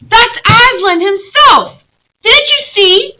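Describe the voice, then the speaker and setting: A woman voicing an excited young girl who insists she is right and is close to tears. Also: takes it slowly, exaggerated voice. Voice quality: high, loud and pleading.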